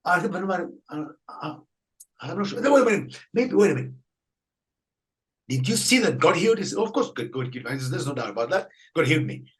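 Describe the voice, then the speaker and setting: A man with a slightly high voice tells his story with a lot of energy. He acts out each person in it and laughs as he goes, and his pitch jumps around. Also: fast talker, low-quality recording. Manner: animated storyteller, acts out dialogue, laughs often. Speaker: Catholic priest guest. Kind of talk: storytelling in a faith interview.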